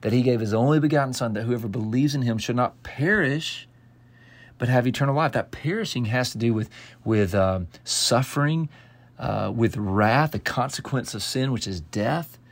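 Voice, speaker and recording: A man's voice: medium pitch, expressive, normal speed, dry recording. A man giving devotional Bible teaching, earnest and emphatic, quoting scripture and often restarting phrases. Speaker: pastor.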